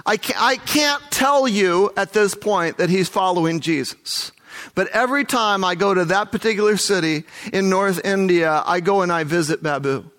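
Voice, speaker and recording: A man's voice: high-pitched, normal speed, fairly bright tone. A man working as a missionary tells a first-person testimony story, earnest and vivid, acting out the dialogue.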